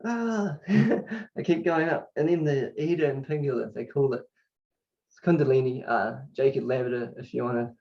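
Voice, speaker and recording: Gravelly man, fervent rambling testimony. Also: mid-range voice, normal speed. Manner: fervent, rambling with restarts and bursts of laughter. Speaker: channel host sharing his story. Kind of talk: personal testimony to camera. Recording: distant mic, dull lo-fi sound.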